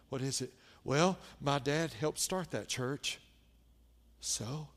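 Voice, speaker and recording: Preaching to his congregation, a male pastor swings between quiet, low passages and loud, fervent ones filled with rhetorical questions. His voice trails off into a long reverb tail.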